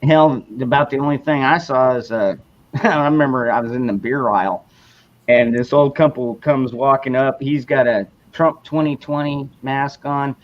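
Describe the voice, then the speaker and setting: A man's voice: medium pitch, steady tone, moderate pace. A man in his forties hosting a podcast, talking in a blunt, profane, rambling way. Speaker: podcast host. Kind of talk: casual chat. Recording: dull lo-fi sound.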